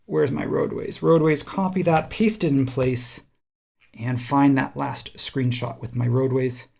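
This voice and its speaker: A man teaching a software design tutorial, thinking aloud casually as he works on screen. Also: mid-range voice, unhurried, gravelly. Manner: relaxed, thinking aloud while working. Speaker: instructor.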